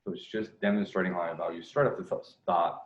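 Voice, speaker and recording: Male dating coach talking over a clip, low-ish voice, rambling and self-correcting, lo-fi echoey room sound. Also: fairly even intonation, fast talker, slight background noise. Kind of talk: video commentary.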